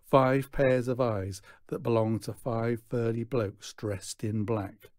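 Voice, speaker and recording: A man reading a children's novel aloud in slow, measured narration. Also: medium pitch, steady tone, a little mellow, no room sound, clean studio sound. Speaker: reader. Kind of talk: storybook read-aloud.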